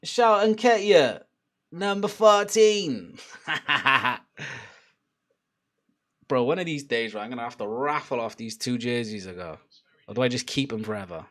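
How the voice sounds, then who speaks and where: A young man chatting casually during a live football watchalong, laughing and bursting out loudly at chances. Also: medium pitch, quick pace. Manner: excitable, laughing, loud outbursts at chances. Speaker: football fan streamer.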